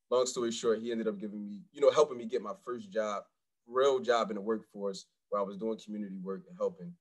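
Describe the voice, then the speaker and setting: A man's voice: fairly low pitch, fast talker, rough recording. A man sharing his career journey on a panel. He talks animatedly and jumps into other people's voices as he retells conversations.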